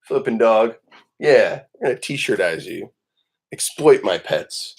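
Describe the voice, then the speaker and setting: This livestream host speaks slowly in a fairly low, husky voice with vocal fry, though he sounds animated. Chatting casually from home in the morning, he rambles and cracks jokes, filling gaps with ums and uhs.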